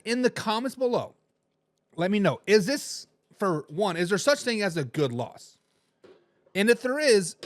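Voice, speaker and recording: Hosting a sports talk show, a man with a slightly high voice rambles animatedly and speaks straight to his viewers. The commentary is casual, and the recording has no echo.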